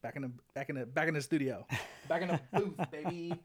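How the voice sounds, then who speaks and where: A man's voice: on the high side, a little fast, soft background music. A young man co-hosting a podcast in casual joking chat, teasing his friend and laughing often. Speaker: podcast co-host.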